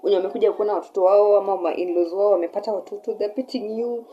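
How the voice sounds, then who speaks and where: A young woman with a Kenyan accent telling a personal story in a casual, animated way, switching between English and Swahili mid-sentence. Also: mid-range voice, rapid-fire, dull audio. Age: young adult. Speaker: vlogger.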